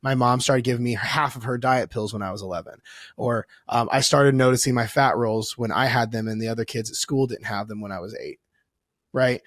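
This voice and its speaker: A man talking as a weight loss coach guest on a podcast, animated and profane, acting out little voices as he explains. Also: medium pitch, brisk, no room sound, studio quality. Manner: animated, swearing, acts out voices. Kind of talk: casual podcast conversation.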